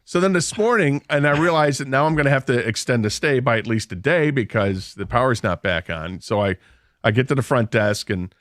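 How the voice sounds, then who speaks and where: A man's voice: medium pitch, animated, fairly quick, fairly bright tone, no echo. A man hosting a radio show, telling a long self-deprecating anecdote in a casual, rambling way from a studio microphone. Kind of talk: casual storytelling on sports radio.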